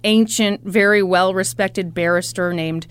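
A woman co-hosting a podcast, telling a story in casual chat with a playful, animated manner. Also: medium pitch, measured pace, clear, resonant tone. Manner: animated, playful, breaks into laughter. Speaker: podcast co-host.

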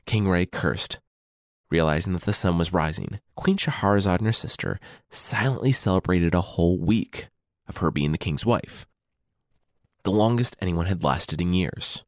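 A man's voice: low-pitched, dry recording, clean studio sound. A man telling a story as comedy, with irreverent, sarcastic asides.

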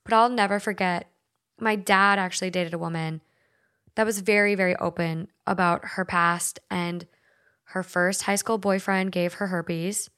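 A woman's voice: fairly low pitch, steady tone, measured pace, a bit bright, smooth. A woman from Minnesota hosting a podcast, chatting loosely and reading stories aloud, with lots of "like" and frequent swearing. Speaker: podcast host.

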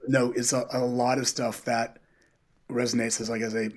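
A man who coaches high school runners, a podcast guest telling stories in a casual, animated way and acting out what people said. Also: normal speed. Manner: animated, quotes people in dialogue. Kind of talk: casual interview storytelling.

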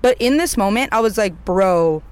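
A young adult vlogger telling a personal story in a casual, rambling way, swearing often and leaning on "like", with sudden jumps up in pitch when acting out their own panic. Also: a little fast, smooth. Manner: rambling, heavy swearing, filler "like".

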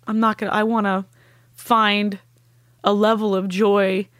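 A woman's voice: medium pitch, level tone, measured pace, a bit bright, dry recording, clean studio sound. A young adult woman telling an emotional personal story in earnest, heartfelt talk, acting out the voices of the people she quotes. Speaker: guest sharing a personal story.

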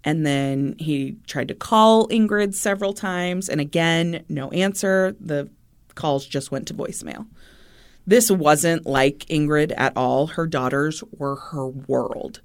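Lower-voiced woman telling a true-crime story. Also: slow. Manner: chatty, laughs easily, many fillers. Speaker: podcast co-host.

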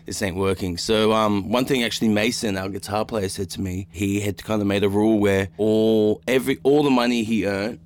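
An Australian man in his thirties, a musician guest telling stories in a relaxed, rambling way with lots of fillers. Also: fairly low pitch, brisk, hardly any pauses. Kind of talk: casual podcast chat.

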